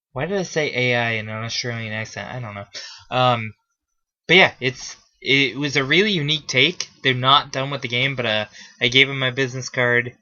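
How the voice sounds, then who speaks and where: A man's voice: mid-range voice, bright, forceful tone, dull audio. A man hosting a gaming vlog, talking casually off the cuff with many fillers and restarts. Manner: rambling, frequent fillers and restarts. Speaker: gaming video host. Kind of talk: casual unscripted vlog talk.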